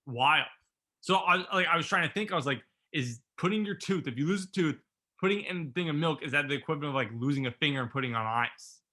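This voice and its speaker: A man's voice: a little high, expressive, quick pace, pushed and bright. A man co-hosting a podcast, chatting casually about a movie and thinking aloud with lots of fillers. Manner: rambling, thinks aloud with many "like"s. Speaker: podcast co-host. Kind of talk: casual movie review chat.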